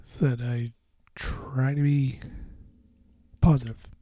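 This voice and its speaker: A man's voice: medium pitch, flat delivery, slow pace, mellow, no echo. A man hosting a casual solo podcast, rambling and profane, often drifting into mumbles. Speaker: podcast host.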